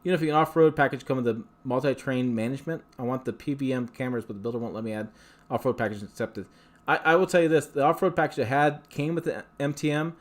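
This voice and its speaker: A man's voice: medium pitch, steady tone, quick pace. Chatty man hosting a livestream. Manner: rambling, chatty, with frequent fillers and restarts. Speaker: livestream host. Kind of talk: casual livestream chat answering viewer questions.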